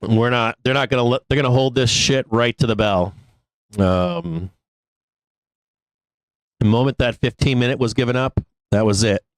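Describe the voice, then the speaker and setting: A man hosting a live stock trading show, talking through his charts in an angry, profane, halting way with many fillers. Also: medium pitch, dry recording.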